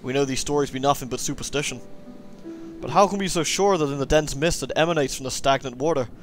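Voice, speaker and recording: A man's voice: mid-range voice, quick pace, faint music behind, natural voice. A man putting on a stately Irish lord. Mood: ominous. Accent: put-on Irish. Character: solemn old Irish lord guiding a visitor.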